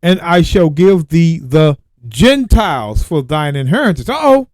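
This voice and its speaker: Animated man teaching from scripture. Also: a little high, no echo. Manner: reads verses slowly, then exclaims and repeats points. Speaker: radio Bible teacher. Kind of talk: Bible teaching with scripture reading.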